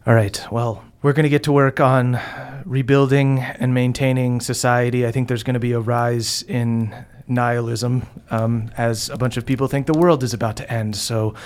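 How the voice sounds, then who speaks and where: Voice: medium pitch, moderate pace, hardly any pauses. Laid-back tabletop game master. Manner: relaxed, chatty, laughs between lines.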